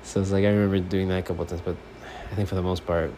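A man's voice: low voice, racing, noisy background. Profane, fired-up man ranting solo. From Miami. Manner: profane, animated, swings between subdued mumbling and loud ranting. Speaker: podcast host. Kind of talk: casual solo sports podcast rant. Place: his apartment.

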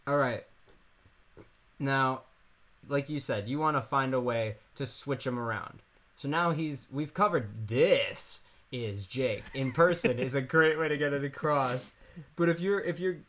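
A man's voice: mid-range voice, fairly bright tone. A man in casual comedic chat with a friend, laughing often and acting out imagined conversations.

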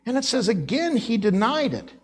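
A man with a Midwest accent preaching a sermon in a church, telling the story with lively acted-out voices and accents. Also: very high-pitched, normal speed, slightly rough. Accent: American Midwest. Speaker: pastor. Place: church sanctuary.

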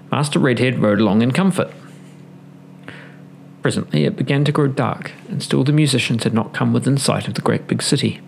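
A man with a gravelly voice reading a fairy tale aloud in an expressive storybook style. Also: mid-range voice, slight background noise.

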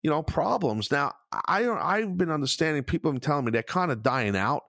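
A man's voice: fairly high pitch, expressive, brisk, a bit bright, dry recording, studio quality. Blunt, profane middle-aged man host. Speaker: podcast host. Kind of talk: casual podcast chat.

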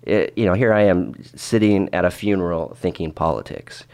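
A man's voice: deep voice, moderate pace, a little mellow. A man telling a travel story in a casual vlog, rambling with restarts and dry asides. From Oregon, United States. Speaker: vlogger.

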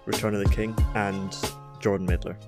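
A man's voice: lowish voice, level tone, moderate pace, over music. A man hosting a casual podcast, telling long rambling anecdotes full of swearing and restarts, into a podcast microphone. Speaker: podcast host. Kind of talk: casual chat and storytelling.

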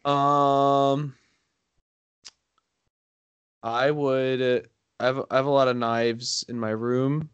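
A man's voice: mid-range voice, level tone, slow pace, pauses often, smooth, no room sound, highs cut off. A man chatting casually with friends, trading jokes and playful threats. His voice sits in the middle of the range, recorded close and dry with little room sound. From rural area. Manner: joking, mock-threatening banter. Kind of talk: casual chat.

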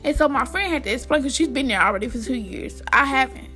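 A young woman from the United States telling a rambling, animated storytime to her viewers, full of fillers and restarts. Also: sits high, fast, soft background music. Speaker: vlogger. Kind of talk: casual storytime addressed to viewers.

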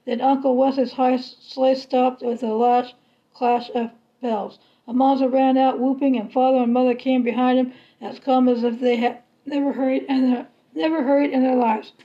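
A woman reads a children's novel aloud at a steady, unhurried pace. Her voice sits high. The recording is slightly dull and lo-fi. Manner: steady, unhurried storybook reading. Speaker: reader.

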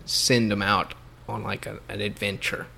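Gravelly bright-voiced Texan man. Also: fairly low pitch, flat delivery, normal speed, a little hiss or hum. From Texas. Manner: laid-back, laughs often, says dude. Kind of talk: casual chat.

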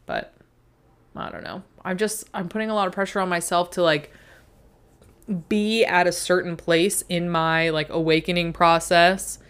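A woman's voice: lowish voice, fairly even intonation, normal speed, fairly bright tone, clear, resonant tone. A young adult woman in a rambling, self-mocking casual monologue who swears often.

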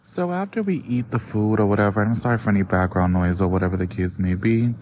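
A man hosting a podcast, telling a story in a gossipy, profane, animated way. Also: on the low side, quick pace, a little hiss or hum. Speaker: podcast host. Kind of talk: casual storytelling.

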